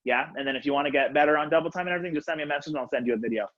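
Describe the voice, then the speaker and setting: A young man with a fairly high voice leads a color guard class from his floor at home, counting beats out loud and coaching in a casual, upbeat way full of fillers. His voice comes through a laptop webcam on a video call, with dull, muffled lo-fi sound. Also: racing. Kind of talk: live online class instruction.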